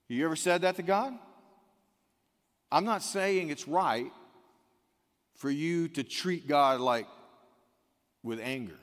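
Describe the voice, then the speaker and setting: A man preaching a conversational sermon, swinging from quiet, low asides to sudden loud, emphatic rises. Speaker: pastor. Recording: long reverb of a large hall.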